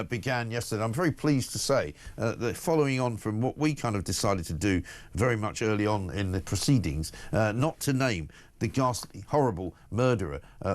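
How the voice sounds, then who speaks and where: A man hosting a live morning talk radio show, chatty and brisk, reading out listener messages and introducing a guest. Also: fairly low pitch.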